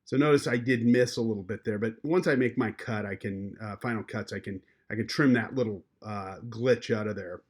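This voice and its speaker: A man teaching a journalism class, walking through an audio editing tutorial in a relaxed way with many fillers. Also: fairly low pitch, moderate pace, few pauses, husky. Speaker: journalism instructor. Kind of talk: screen-recorded software tutorial.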